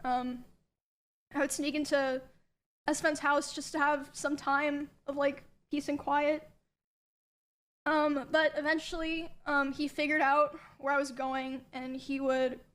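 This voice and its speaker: A young woman streamer quietly recounting a personal story, hesitant with many pauses. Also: high voice, flat delivery. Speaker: streamer telling her story. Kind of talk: personal confessional narration.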